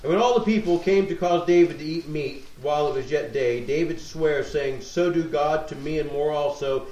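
A man's voice: on the high side, moderate pace, hardly any pauses, darkish tone. A man preaching a sermon, teaching verse by verse, reading scripture aloud and checking in with his listeners. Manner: teaching tone, reads scripture aloud, asks rhetorical questions, checks in with "okay?". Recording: echoey room.

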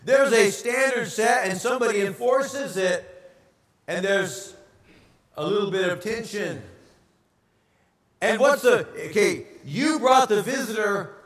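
A pastor preaching a sermon, animated and asking the congregation rhetorical questions. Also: male voice, high-pitched, a little slow, pauses often, echoey room, distant mic.

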